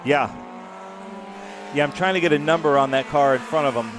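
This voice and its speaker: Over noisy trackside engine sound, a man commentates live on motorsport as a regular on the broadcast. His voice is fairly high-pitched and moderately paced, and he's chatty and enthusiastic about the cars.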